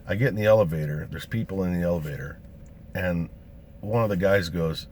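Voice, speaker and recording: A low-voiced man recounts his own misadventure in a loose, casual way. He swears in nearly every line and animates the story by voicing the people around him. A faint hiss of noise sits under the recording. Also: fairly quick. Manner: profane, swears constantly; animated, acts out quotes of other people.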